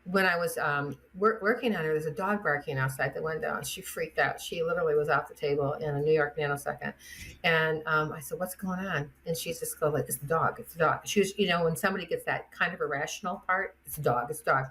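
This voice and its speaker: A middle-aged woman, a chiropractor guest, chatting in an interview and telling lively stories with acted-out quotes. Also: low-pitched, a little fast, slight background noise. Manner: chatty, animated storyteller acting out quotes. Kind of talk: casual interview storytelling.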